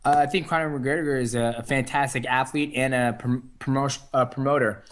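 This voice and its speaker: A young man talks through an interview at an easygoing pace. His speech is loose and full of fillers and restarts. His voice sits at an average pitch. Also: fairly even intonation, a little fast, fairly bright tone. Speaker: interview guest, fighter. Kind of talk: casual phone interview.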